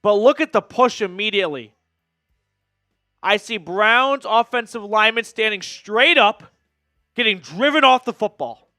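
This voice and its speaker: A man hosting a live fan stream, calling football plays quickly and casually, and bursting into excited shouts and chants when he reads out viewer donations. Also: high-pitched, no echo, clean studio sound, faint music behind. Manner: rapid, casual play-calling with quick asides. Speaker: fan watch-party host doing play-by-play. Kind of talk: live stream play-by-play and chat.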